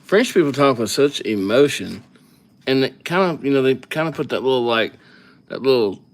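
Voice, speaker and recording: A man with an ordinary midrange voice chats on his live stream in an easygoing, rambling way. He wanders off on tangents and thinks aloud as he goes, never rushed or formal. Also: medium pitch, expressive. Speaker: livestream calligraphy host. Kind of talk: casual live-stream chat.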